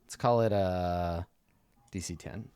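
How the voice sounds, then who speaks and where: A man's voice: low voice, slow pace, background noise. A man running a tabletop game as its dungeon master, talking loosely and conversationally and growing vivid when he describes a scene. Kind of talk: casual tabletop game narration.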